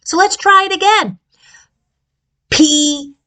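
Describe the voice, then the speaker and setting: A woman's voice: medium pitch, sing-song, slow, sharp tone. A woman speech therapist giving a children's lesson on speech sounds with puppets, encouraging and exaggerated in her delivery. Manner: encouraging, sing-song and exaggerated. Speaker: speech-language pathologist.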